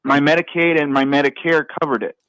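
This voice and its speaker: A male caller on the verge of tears, his slightly high voice breaking into halting, stammered phrases. The sound is dry and close, with no room echo. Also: little pitch movement, fairly bright tone, clear, resonant tone. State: holding back tears. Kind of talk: phone-in conversation.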